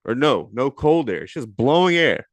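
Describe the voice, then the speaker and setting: A man's voice: mid-range voice, very animated, normal speed, no echo. A man in his thirties hosting a podcast, opening with a rambling, giggly, profane and self-deprecating solo chat. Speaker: podcast host. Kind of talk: casual solo intro.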